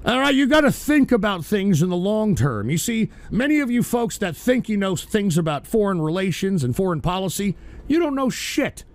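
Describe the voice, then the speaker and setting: Gravelly, high-voiced ranting man. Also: very animated, normal speed. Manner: aggressive, profane, yelling at viewers. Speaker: host of a live-streamed radio show. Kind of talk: angry ranting monologue at chat.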